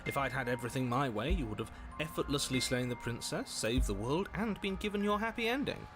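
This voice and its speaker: Actor as a wry, exasperated game narrator, lively swooping delivery over background music. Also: male voice, medium pitch, fairly quick, close to an everyday voice. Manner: dry, sardonic, pleading.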